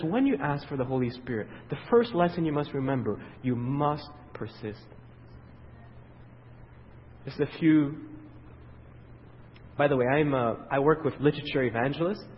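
A man preaching a sermon, asking the congregation questions and waiting for their answers, swinging from loud emphatic peaks to quiet, low passages. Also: a little hiss or hum. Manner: asks the audience questions and pauses for their answers. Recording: dull, reverberant hall sound.

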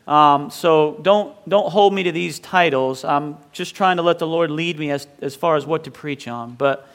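A man's voice: on the high side, a bit bright. A male pastor from southern Maine, probably in his thirties, preaching a sermon in an earnest manner that builds intensity on key points.

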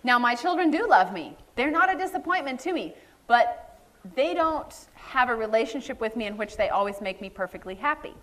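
A woman preaches with lively storytelling, slipping into the voices of the people in her anecdotes. Her voice sits a little high. She sounds middle-aged. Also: fairly quick. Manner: animated storytelling, acting out quoted voices. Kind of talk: sermon.

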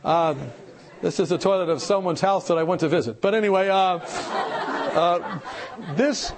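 A man giving an animated church seminar talk, telling stories, acting out the people in them and asking the audience questions. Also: sits high, normal speed, some chatter behind. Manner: animated storytelling, acts out quoted people. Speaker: health speaker.

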